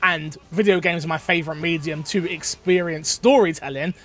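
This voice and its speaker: A man casually and enthusiastically sharing first impressions of a game preview, telling anecdotes in an animated way. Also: on the high side, normal speed. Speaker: gaming channel co-host.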